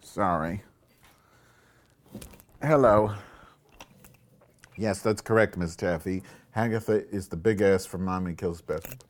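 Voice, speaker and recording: A man's voice: low voice, takes it slowly, long pauses. A man hosting a crude, rambling live-stream from home, swearing at his viewers and muttering asides as he makes tea. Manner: profane, sarcastic, mock-insulting to viewers. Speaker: live webcam show host. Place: home, indoors. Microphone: computer microphone.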